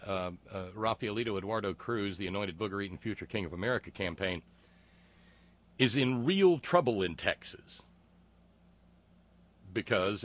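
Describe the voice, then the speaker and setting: A man hosting a political talk show, reading listener comments with sardonic, profane mockery and many halting filler words. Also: on the low side, a bit bright, no echo.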